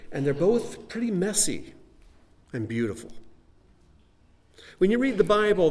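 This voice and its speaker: A man's voice: high-pitched, very animated, measured pace, long pauses. A man teaching a Bible lesson in a conversational, folksy sermon style with frequent asides to his listeners.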